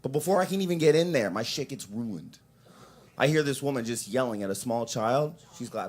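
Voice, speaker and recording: Brief: young male comic, crude, rambling, very lively delivery. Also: medium pitch, brisk. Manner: crude, rambling, jumps into shouted impressions. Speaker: open mic comedian. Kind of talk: stand-up comedy set. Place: coffee shop open mic stage.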